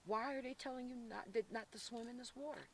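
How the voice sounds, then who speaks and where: A man from Florida working as a psychic medium on an outdoor paranormal investigation, talking intensely and haltingly with many restarts. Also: very high-pitched, fairly even intonation, fairly bright tone, recorded from a distance. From Florida, USA. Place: outdoors by a reservoir.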